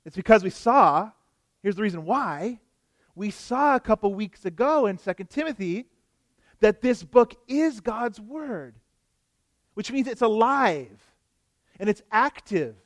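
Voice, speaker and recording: A man's voice: high voice, lively intonation, measured pace, long pauses, dry recording. A male pastor delivering an expository sermon, earnest and emphatic, often asking the congregation rhetorical questions.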